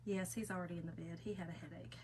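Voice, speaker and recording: A woman's voice: lowish voice, fairly even intonation, fast, noisy background. A middle-aged woman, chatting and rambling to viewers while she crafts on a live stream. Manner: chatty, rambling, laughs often, talks to viewers directly. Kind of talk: casual chat while crafting.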